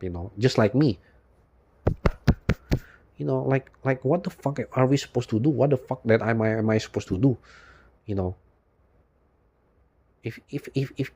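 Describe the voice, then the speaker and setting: A man talking in an unscripted monologue for his channel, rambling and weary, filling every pause with "you know" and swearing often. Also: medium pitch, dark tone. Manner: weary, despondent and emotional. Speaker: YouTube channel host.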